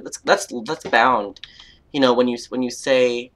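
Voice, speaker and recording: Young Canadian woman, let's-play host, playful mock outrage, very lively pitch. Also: normal speed, slight background noise. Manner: playful and chatty, mock outrage, jokey asides. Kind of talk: gameplay commentary, reading quest text aloud.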